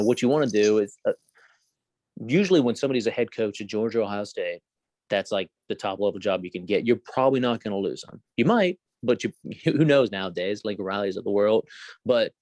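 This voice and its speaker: Podcast co-host, male, lowish voice, dry close sound, loose rambling delivery full of asides. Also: a little mellow, dry recording. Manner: rambling, hedging with trivia asides. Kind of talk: casual sports chat.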